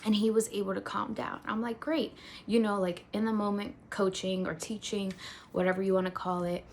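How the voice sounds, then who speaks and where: A woman's voice: medium pitch, flat delivery, fairly quick, a little hiss or hum. A young adult woman speaking in a casual faith vlog, telling a personal story in a conversational way with lots of filler words. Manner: conversational, many "like" fillers, acts out quotes. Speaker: faith vlogger.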